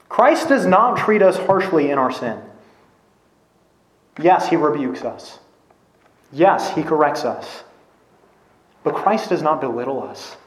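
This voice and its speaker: A man preaching a sermon in an earnest, emphatic way, driving points home with repetition. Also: on the high side. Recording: echoey room.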